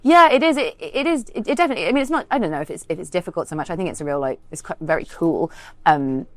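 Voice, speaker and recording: A woman comedian and TV writer, a guest in an interview, talking quickly and animatedly with lots of fillers and acted-out quotes. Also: lowish voice. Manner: animated storyteller, many fillers, acts out quotes. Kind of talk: casual interview chat.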